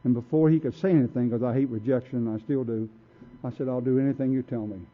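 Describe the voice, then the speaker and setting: Gruff street-kid man, plain mid-range voice, plainspoken storyteller, lo-fi narrow recording. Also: mid-range voice, fairly even intonation, fast. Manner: blunt streetwise storytelling, acts out quotes. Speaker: recovery meeting speaker. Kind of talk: personal story talk. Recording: tinny phone-like recording.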